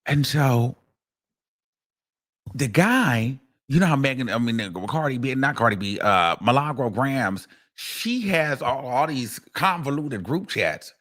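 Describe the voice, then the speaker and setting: A male host of a casual commentary show relates a courtroom story in a lively, foul-mouthed way, punctuated by laughter. His voice is mid-range and his pace slow.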